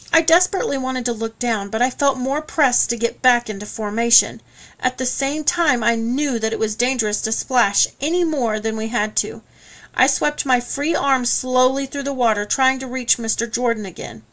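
A woman reading an audiobook in first person, steady and measured. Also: on the high side. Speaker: audiobook narrator. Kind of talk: scripted first-person narration.

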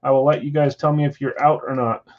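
A man's voice: medium pitch, fairly even intonation, fast talker, lo-fi sound. A man hosting a live card-break stream from home, chatting casually and reading viewer comments aloud. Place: house with a floor above.

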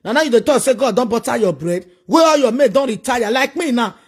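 A man's voice: very high voice, expressive, a little fast, slightly rough. A man with a Nigerian accent delivering a preachy, scolding monologue full of repeated rhetorical questions. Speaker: social media commentator.

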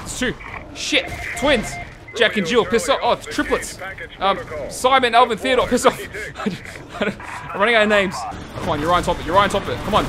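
Brief: young male gameplay host, hoarse, swearing and shouting at the game, music behind. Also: high voice, expressive, a little fast. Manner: loud, laughing, swearing, yelling at the game. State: hoarse from screaming. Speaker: gaming video host. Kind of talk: gameplay commentary.

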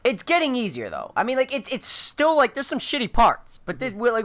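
A tired man playing a video game and commenting casually, excitable and swearing, laughing with loud outbursts. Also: high-pitched, brisk. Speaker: let's play host.

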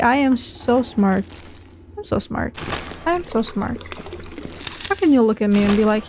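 A woman playing a video game and commenting as she goes, swearing often and getting loud and excitable, talking to the creatures on screen. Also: high-pitched, a little slow, noisy background. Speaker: gamer. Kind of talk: let's play commentary.

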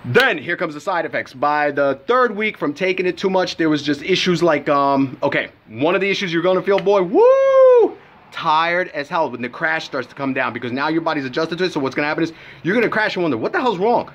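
A man's voice: on the high side, lively intonation, quick pace, a bit bright, dull audio. A young man giving a brash, profane supplement review in a casual vlog, telling his story with lots of animation.

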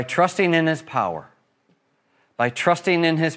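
A man preaching a sermon as pastor, rising to loud impassioned peaks and dropping to soft, slow lines. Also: fairly high pitch, lively intonation. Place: church.

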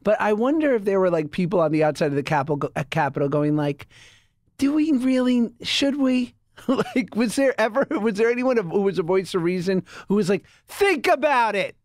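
A man co-hosting a podcast in casual chat, playfully spinning comic what-if scenarios and slipping into quick voices. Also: sits high, expressive, a little mellow, dry recording, clean studio sound. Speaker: podcast co-host.

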